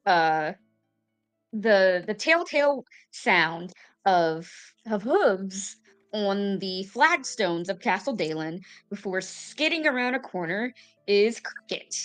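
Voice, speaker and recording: A woman narrating a tabletop game as game master, with unhurried, filler-laden delivery. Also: medium pitch, big pitch swings, soft background music.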